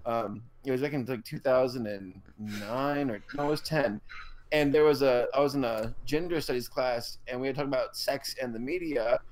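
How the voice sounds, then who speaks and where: A man's voice: mid-range voice, normal speed. A young man from Georgia in the US, co-hosting a podcast and telling rambling, self-mocking stories. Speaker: podcast co-host. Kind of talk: casual chat.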